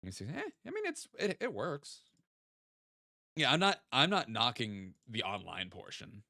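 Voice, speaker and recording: Streaming a geography guessing game, a young man chats casually, reasoning out loud and slipping in jokes. His mid-range voice is creaky and sharp in tone, swinging hugely in pitch at a measured pace. It is recorded dry, at studio quality.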